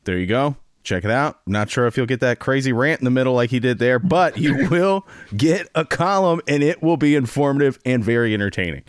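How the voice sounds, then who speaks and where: A man's voice: medium pitch, animated, a little fast, few pauses, clean tone, no echo. A man co-hosting a casual talk podcast, dry and easygoing, over a video call. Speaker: podcast co-host.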